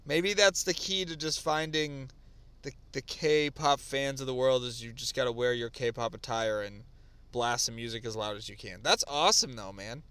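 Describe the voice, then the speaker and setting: A man's voice: medium pitch, normal speed, clear, resonant tone, no room sound. A man co-hosting a podcast, telling stories in casual chat with lots of fillers and restarts. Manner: animated storytelling with lots of fillers. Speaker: podcast co-host.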